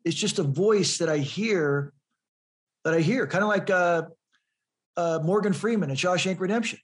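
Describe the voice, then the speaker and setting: A man's voice: high-pitched, normal speed. A man in an interview telling a personal story earnestly, often repeating words as he builds toward the point. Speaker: guest.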